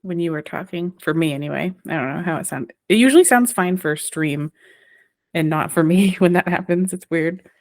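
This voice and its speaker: Low-voiced woman podcast co-host. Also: moderate pace, darkish tone, no room sound, studio quality. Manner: enthusiastic, analytical commentary. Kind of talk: casual podcast chat.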